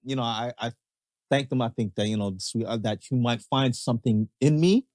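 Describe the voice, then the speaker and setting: A man's voice: medium pitch, moderate pace, darkish tone, dry recording, clean studio sound. A man co-hosting a podcast in casual chat, talking in hesitant restarts and laughing often. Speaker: podcast co-host.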